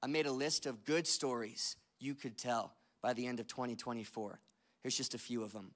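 A pastor in his thirties delivering a sermon, telling stories with self-mocking humor and dropping to a hushed voice when he prays. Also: medium pitch, steady tone, moderate pace. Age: 30s. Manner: drops to a soft, hushed voice in prayer.

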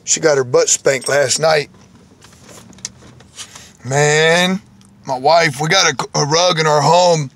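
A man's voice: a little high, takes it slowly, long pauses, fairly bright tone. A man preaching informally, repeating his points, quoting scripture and checking in with "okay?".

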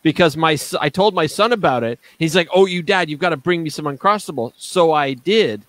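A man in easy conversation, spinning little stories and breaking into laughter now and then. His voice sits a bit high, and the sound is close and dry, with no room around it. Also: expressive, brisk, a bit bright, no echo. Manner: chatty storyteller, laughs easily. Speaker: guest panelist. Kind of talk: casual chat.

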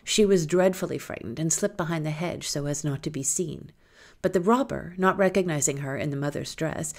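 A woman reading a folktale aloud in a lilting, expressive storytelling manner. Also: low voice.

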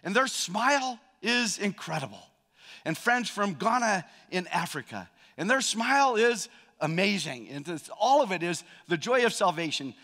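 A male pastor preaching a sermon in a church, swinging from loud emphatic peaks to hushed, personal storytelling. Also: high voice, big pitch swings, normal speed. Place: church sanctuary. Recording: long reverb of a large hall.

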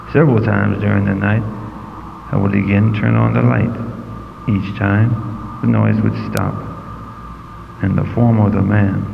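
A man reading ghost stories aloud in a measured, unhurried storytelling manner. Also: on the low side, gravelly, noisy background. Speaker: reader. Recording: dull lo-fi audio with long reverb.

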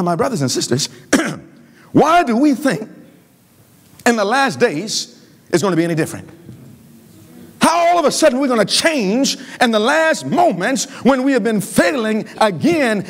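A male pastor preaching a revival sermon in a church sanctuary, with a high, very animated voice that leaps up and down. He quizzes the congregation, leaving blanks for them to fill. He shifts from loud emphasis to low, pleading lines. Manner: call-and-response questioning of the congregation.

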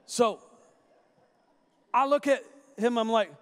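A guest minister with a strikingly high voice tells stories from the pulpit. His delivery is animated, full of quick restarts and repeated words, moving into prophecy. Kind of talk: sermon with storytelling and prophecy.

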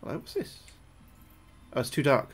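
A British man streaming a game live, talking through each move, often repeating himself, thanking his viewers and getting jumpy and loud when spooked. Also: normal speed. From United Kingdom. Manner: chatty, repeats his own phrases, thanks viewers between moves. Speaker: gaming livestreamer. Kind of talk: live gameplay commentary.

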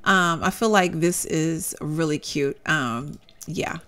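A woman's voice: low-pitched, slow, a bit bright, slight background noise. A young woman chatting casually as she shows off game clothing, gushing and talkative, calling her viewers "y'all". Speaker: Sims content creator showcasing custom content. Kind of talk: casual gameplay commentary.

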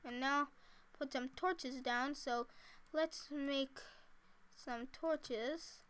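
A woman's voice: sits high, fairly even intonation, drawn-out words, a bit bright. A woman casually talking to herself while she plays a building game, chatty and giggly. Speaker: gameplay commentator. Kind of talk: casual let's-play commentary.

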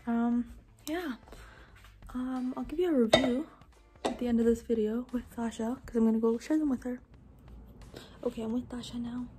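A woman's voice: fairly high pitch, noisy background. Young woman whispering through a late-night vlog. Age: young adult. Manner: mostly whispering, chatty. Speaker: student vlogger. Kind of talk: casual cooking vlog. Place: home kitchen at night.

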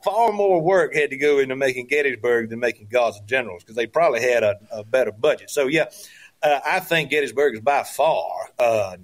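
A man's voice: mid-range voice, fairly quick. Hesitant man, history professor guest. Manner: hesitant, full of uh's and restarts. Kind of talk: casual interview talk.

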